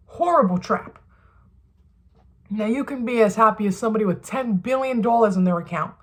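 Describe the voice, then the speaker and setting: A woman's voice: mid-range voice, a bit bright. A young woman vlogging from her bathroom in a put-on Southern US accent, chatty and emphatic, swearing freely and often asking "right?". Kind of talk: casual advice monologue. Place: bathroom at home.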